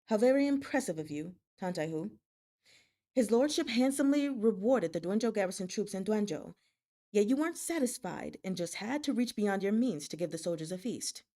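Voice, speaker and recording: A woman's voice: mid-range voice, animated, moderate pace, mellow, lightly acted. Woman reading stern young male lord, cold, cutting, commanding, read-aloud novel. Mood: scornful.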